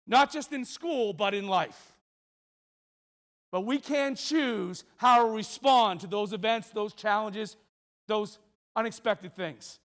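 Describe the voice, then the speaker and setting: A man with a fairly high voice giving a motivational talk on a school auditorium stage. He tells stories dramatically, acts out the characters, and leans on big pauses for effect. He speaks into a stage microphone. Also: a bit bright. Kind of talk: animated storytelling talk.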